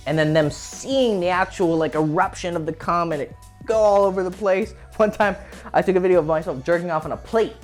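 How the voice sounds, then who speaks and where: A man hosting a dating advice talk, speaking casually, frankly and explicitly. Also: on the high side. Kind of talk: casual monologue.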